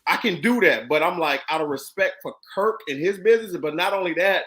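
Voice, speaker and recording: A man's voice: high voice, lively intonation, fairly quick, a bit bright. Emphatic man in casual chat. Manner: emphatic, repeats phrases, agrees often. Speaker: co-host who works with the company.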